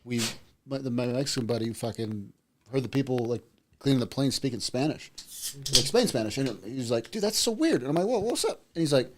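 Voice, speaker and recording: A man's voice: medium pitch, brisk. Laid-back man with faint background noise. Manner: laid-back, swears casually. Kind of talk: casual chat.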